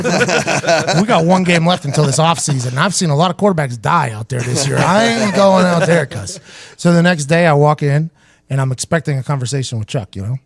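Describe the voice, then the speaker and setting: A man's voice: on the high side, a little fast, husky, no room sound. A young man hosting a talk show, telling a long, profane story and acting out what other people said. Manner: animated, profane, acts out other people's lines. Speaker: podcast host. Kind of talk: casual storytelling.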